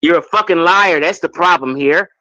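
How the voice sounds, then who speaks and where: A man's voice: a little high, moderate pace, bright, forceful tone, no echo, muffled recording. A man in a heated live debate who reads a source aloud, curses and cuts in. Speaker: debate guest.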